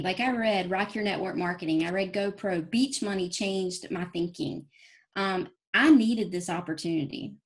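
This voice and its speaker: A woman speaks on a team call. She gives a folksy, earnest pep talk, moving quickly from point to point. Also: medium pitch. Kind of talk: motivational talk. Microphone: phone or call audio.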